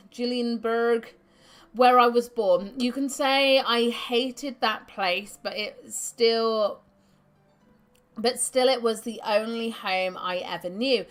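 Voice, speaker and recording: A woman's voice: a little high, a bit bright. A woman voicing a boastful old male ex-thief in a grungy put-on accent, reminiscing in a video game.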